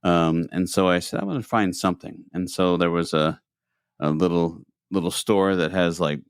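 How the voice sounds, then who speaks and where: Male podcast co-host, low voice, animated storyteller who voices the people he quotes, dry recording. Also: normal speed, clear, resonant tone, no room sound. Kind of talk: casual storytelling chat.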